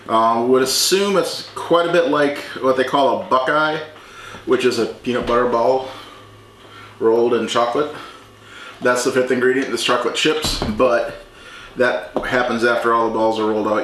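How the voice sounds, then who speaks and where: A man's voice: medium pitch, fairly bright tone, a little hiss or hum. A man hosting a casual home cooking video, chatty and joking as he works, teasing his mother. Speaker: home cooking show host. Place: home kitchen. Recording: echoey kitchen with dish clatter. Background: clinking dishes and utensils.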